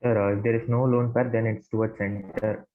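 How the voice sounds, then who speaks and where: Low-voiced student over tinny call audio. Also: male voice, little pitch movement, brisk, slight background noise. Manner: short tentative answers. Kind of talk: answering in online class.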